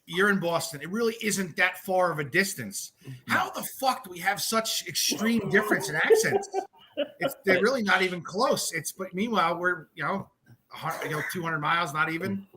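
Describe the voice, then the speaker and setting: A man's voice: sits high, animated, normal speed, background noise. A man with a Long Island accent, co-hosting a podcast and chatting in a rambling, conversational way. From Long Island, New York. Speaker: podcast co-host. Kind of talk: casual interview chat.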